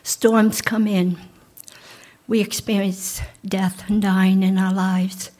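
Slow, husky woman pastor preaching. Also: medium pitch, level tone. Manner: slow, soft, drops into near-whispers on key lines. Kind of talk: sermon.

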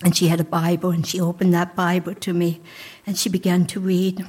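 A middle-aged woman pastor giving a sermon in a church, speaking slowly and softly, sometimes dropping almost to a whisper. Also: on the low side, flat delivery, breathy edge. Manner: slow, soft, drops into near-whispers on key lines.

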